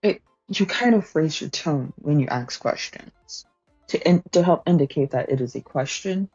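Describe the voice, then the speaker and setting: A woman with a low, mellow voice teaches her stream chat in a loose, chatty way, full of fillers, laughs and the odd swear. Her speech is slow. The sound is dry and a bit dull, with faint music underneath. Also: expressive, slightly rough, no echo. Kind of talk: casual study-stream teaching.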